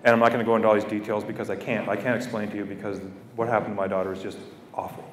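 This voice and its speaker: Echoing through a school hall or gym and captured from far away, a middle-aged Canadian guest speaker talks rapid-fire to students in a fairly low, level voice. His speech is heartfelt, with repeated phrases for weight, and the audio carries a faint hiss or hum.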